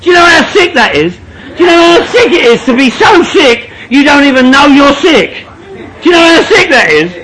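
A man's voice: extremely high pitch, sing-song, moderate pace, pushed and bright, rough recording. A man from northwest London with a London accent, speaking at a recovery meeting and firing off joking, repetitive rhetorical questions.

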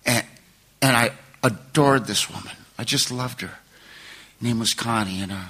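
A man's voice: mid-range voice, moderate pace, sharp tone, husky. Older man telling a raw recovery story. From California. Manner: emotional, rambling storytelling with laughs. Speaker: speaker sharing his recovery story. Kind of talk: recovery meeting talk.

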